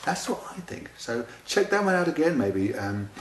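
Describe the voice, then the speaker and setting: A man's voice: a little high, big pitch swings, normal speed, background noise. A man, an author replying chattily to readers' letters, naming each one and reading out their lines. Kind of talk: casual spoken replies to letters. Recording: roomy echo.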